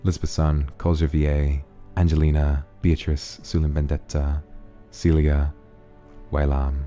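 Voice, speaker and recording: Very deep-voiced male streamer. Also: a little slow, faint music behind. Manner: relaxed, rambling, thanks donors. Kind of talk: casual stream chat reading donations.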